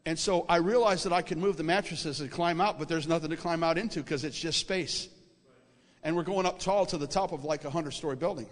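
A man preaching a sermon, telling a dream in an animated storytelling way that repeats words for emphasis and checks in with his audience. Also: a little high, brisk. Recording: reverberant hall.

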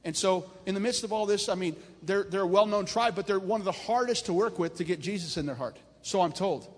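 In a big, echoing hall, a high-voiced pastor delivers a storytelling sermon to his congregation, talking a little fast. His preaching is animated, building in force and pitch until it gets loud at the climaxes.

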